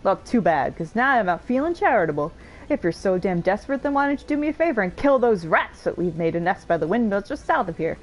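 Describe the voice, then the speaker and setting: A woman reading a game character's lines, voicing a boastful, grumpy old male axeman hero with a gruff, swaggering voice pitched a bit lower than her own. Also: very animated, fast, a little hiss or hum, close to an everyday voice.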